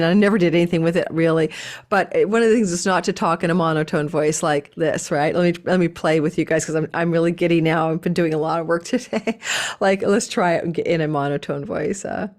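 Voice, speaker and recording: A woman giving a casual astrology forecast, talking with a lively up-and-down cadence and chatty asides. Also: lowish voice, brisk.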